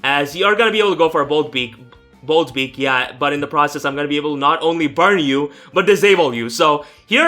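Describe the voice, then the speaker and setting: A young man talks through his own competitive match in a loose, rambling way, restarting sentences and swearing now and then. His voice is bright and forceful, and sits a little high for a man. Faint music plays underneath. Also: animated, quick pace. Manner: rambling, self-correcting, swears casually. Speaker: gaming YouTuber. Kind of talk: casual live gameplay commentary.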